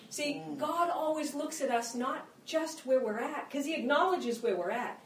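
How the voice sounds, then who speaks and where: A middle-aged woman delivers an impassioned, conversational sermon, slipping into the voices of people praying. Her voice sits a little high for a woman. She is picked up from some distance in a reverberant hall with faint ambient noise. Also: moderate pace, few pauses. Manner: impassioned, conversational, acts out quoted prayers. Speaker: preacher. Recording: echoey room, mic at a distance.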